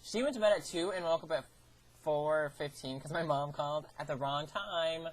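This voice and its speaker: A teenage girl vlogs a story in a chatty way, swearing often and acting out what people said. Her voice is low-pitched at a normal speed. There's a little hiss or hum.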